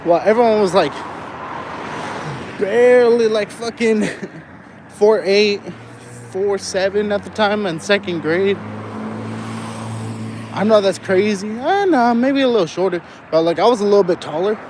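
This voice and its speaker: A man's voice: sits high, measured pace, pauses often. A young man from Southern California telling a rambling, profane story with frequent laughs while walking outdoors. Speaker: vlogger. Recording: faint street noise.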